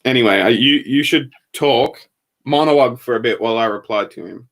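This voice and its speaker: Fast-talking man. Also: mid-range voice. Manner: fast-talking, swears, animated retelling of an argument. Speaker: streamer co-host. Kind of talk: casual livestream chat.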